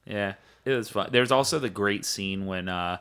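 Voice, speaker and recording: A man's voice: fairly low pitch, moderate pace, a crowd in the background. A man in casual movie chat, laid-back, laughing often and swearing for emphasis.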